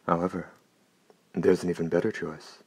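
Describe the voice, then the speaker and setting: A gloomy, gorgeous-voiced night stalker speaks in a soft, courtly, menacing tone, voiced by a man. The voice is extremely deep and barely moves in pitch. It sounds close and dry, with no room around it. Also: little pitch movement, moderate pace, slightly rough, dry recording. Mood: courtly menace. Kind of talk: audiobook character reading.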